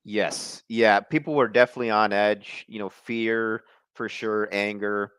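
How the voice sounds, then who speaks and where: Man, field reporter, calm and measured, smooth low voice, dry sound. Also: no echo. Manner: measured, thoughtful, chuckles now and then. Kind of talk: casual podcast interview.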